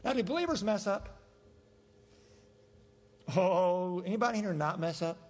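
Male pastor mid-sermon, husky, emphatic, fond of rhetorical questions; reverberant church hall. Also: high-pitched, expressive, moderate pace. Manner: emphatic, rhetorical questions, acts out quoted voices. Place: church sanctuary.

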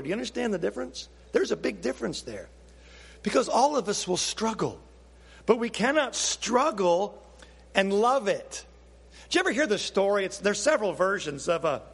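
A man preaching a sermon as pastor, animated and asking his listeners questions. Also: high-pitched, big-room sound. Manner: animated, questioning the audience, acts out quotes.

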